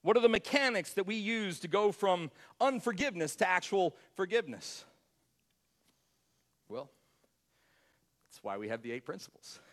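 High-voiced emphatic male preacher. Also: very animated, moderate pace, pauses often. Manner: emphatic, repeats words, swings between loud and quiet. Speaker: pastor. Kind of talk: sermon.

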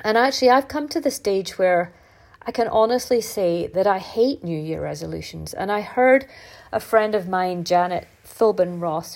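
A middle-aged woman hosting a podcast, talking in a casual, reflective monologue. She sounds congested and stuffy-nosed, and she speaks candidly, her voice often jumping upward in pitch. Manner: chatty and candid, with lively upward pitch jumps. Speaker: podcast host.

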